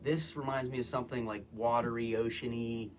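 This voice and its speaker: A man's voice: medium pitch, a little fast. Easygoing man reviewing colognes. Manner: relaxed, hesitant, lots of "um" and "again". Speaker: guest co-presenter, husband. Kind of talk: casual product review. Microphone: phone, live stream.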